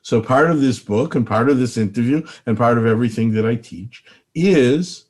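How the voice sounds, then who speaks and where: Earnest older rabbi, preacherly repetition. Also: male voice, mid-range voice, moderate pace, darkish tone. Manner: earnest, preacherly, repeats phrases for emphasis. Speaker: rabbi and spiritual teacher. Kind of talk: spiritual interview talk.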